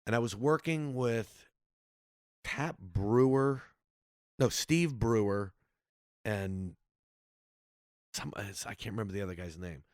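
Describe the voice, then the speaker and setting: Comedian dude telling road stories, does the voices, dry mic. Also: male voice, lowish voice, slow pace, pauses often, dry recording. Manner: animated, acts out voices in his anecdotes. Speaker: comedian guest. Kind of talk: casual storytelling.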